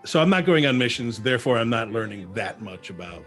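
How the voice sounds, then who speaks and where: Lively, animated male actor telling stories. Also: medium pitch, a little fast, soft background music. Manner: animated storyteller, many restarts. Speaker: actor and interview guest. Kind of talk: casual interview chat.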